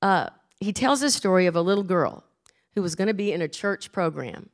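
Older woman preaching slowly and earnestly. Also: fairly low pitch, expressive. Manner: earnest, slow and emphatic, repeating key phrases. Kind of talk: sermon. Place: church.

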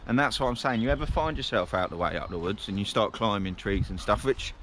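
A man's voice: lowish voice, expressive, fast talker, fairly bright tone. Man chatting on a windy woodland walk. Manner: rambling, talks to viewers while calling his dogs. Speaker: vlogger walking his dogs. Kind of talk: casual chatty walking vlog. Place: outdoor woodland on a windy day. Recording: wind and outdoor noise.

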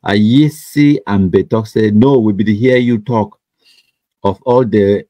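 A man's voice: lowish voice, takes it slowly, warm tone, no echo, muffled recording. A man with a Cameroonian Pidgin English accent, hosting a livestream and reading out viewer comments in a chatty, mocking way, laughing often and repeating words. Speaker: livestream host.

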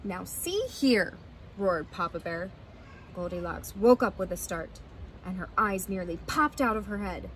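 A woman teacher reading a fairy tale aloud to children with expressive, animated storytelling. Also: fairly low pitch, moderate pace. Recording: noisy, with vehicle sounds.

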